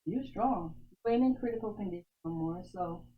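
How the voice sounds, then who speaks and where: A woman's voice: lowish voice, moderate pace, narrow, tinny audio. A woman who is a guest on a show, telling her personal faith testimony in an emphatic way, repeating phrases for stress and often laughing. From United States.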